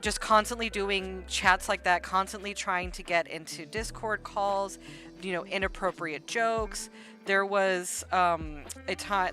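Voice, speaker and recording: A woman with a medium-pitched, pushed and bright voice hosts an art livestream. She rambles through a casual, gossipy retelling of online drama, saying "like" and "um" constantly.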